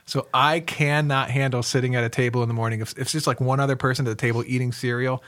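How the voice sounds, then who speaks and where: A man pastor co-hosting a podcast, telling his pet peeves in a wry, animated way. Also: mid-range voice, fast, dry recording. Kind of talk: casual chat.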